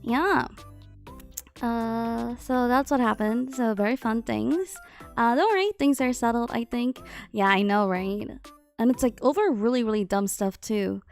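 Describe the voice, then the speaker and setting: A woman streamer chatting casually and softly from her living room, with lots of fillers and frequent laughter. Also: fairly high pitch, a little slow, soft background music. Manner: speaking softly. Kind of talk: casual chat.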